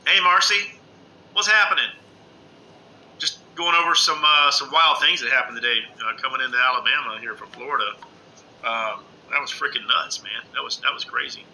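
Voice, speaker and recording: A middle-aged man talks casually to viewers on a home livestream, rambling and excitable, full of fillers. His voice is very bright and sharp. A faint noise sits under the recording. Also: medium pitch, normal speed, rough recording. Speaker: ghost-hunting live streamer. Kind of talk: casual live-stream chat with viewers. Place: indoors at home under a lamp.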